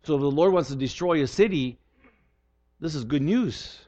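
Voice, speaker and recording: A man's voice: on the high side, animated, normal speed, mellow. An older man preaching a sermon as pastor, earnest and often repeating words as he restarts his sentences. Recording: dull lo-fi recording.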